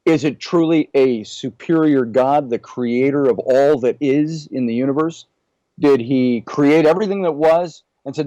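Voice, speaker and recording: A man, a podcast guest, musing out loud and raising question after question in a casual discussion. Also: medium pitch, unhurried, no echo, lo-fi sound. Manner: musing, poses many questions.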